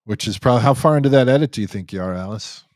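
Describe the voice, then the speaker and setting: A man with a lowish, slightly mellow voice talks rapid-fire on a dry recording. He hosts a live Q&A stream, reading viewer comments and joking in a rambling manner full of restarts.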